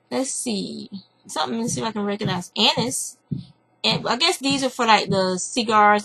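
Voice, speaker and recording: Gravelly Southern woman chatting casually. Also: fairly high pitch, a bit bright, poor audio. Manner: rambling, chatty, reads lists aloud with asides. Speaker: craft podcast host. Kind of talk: casual chat. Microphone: computer webcam mic.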